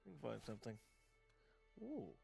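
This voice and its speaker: A man chatting casually on a live gaming stream, rambling with lots of fillers and restarts, laughing often and getting excited. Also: medium pitch, normal speed, gravelly, faint music behind. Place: home setup, gaming stream.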